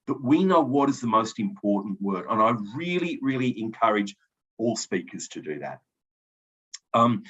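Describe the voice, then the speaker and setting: A man's voice: mid-range voice, fairly bright tone. A man adjudicating a debate final, giving encouraging feedback to each speaker with frequent ums and restarts. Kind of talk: spoken feedback and results announcement. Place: event hall. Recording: dull lo-fi recording.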